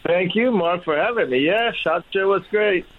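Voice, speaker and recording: A man answers questions as a guest on a talk radio show in a relaxed, brief way. His slightly high voice comes through a thin, tinny phone line. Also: moderate pace. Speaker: radio guest, company CEO. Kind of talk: call-in interview answers.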